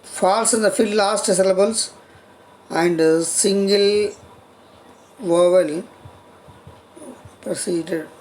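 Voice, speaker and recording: A lecturer teaches spelling rules at a very slow, deliberate pace. The delivery is halting, full of repeated phrases and restarts, with words spelled out letter by letter. Faint hiss sits behind the voice. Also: mid-range voice, fairly even intonation, a little mellow. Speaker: college lecturer. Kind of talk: grammar lesson on spelling rules.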